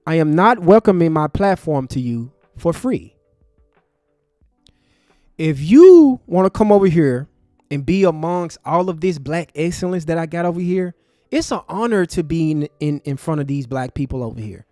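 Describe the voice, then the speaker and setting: A man hosts his live stream in a high, animated voice that jumps from loud bursts to low mutters. He is openly angry and curses in street slang. The sound is close and dry, with faint music underneath. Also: normal speed, no room sound. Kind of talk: heated live stream commentary.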